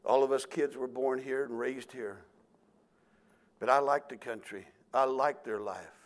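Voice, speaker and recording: A man's voice: mid-range voice, steady tone, measured pace. Folksy older male pastor telling stories. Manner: folksy storytelling, acts out voices and shouts. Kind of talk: sermon.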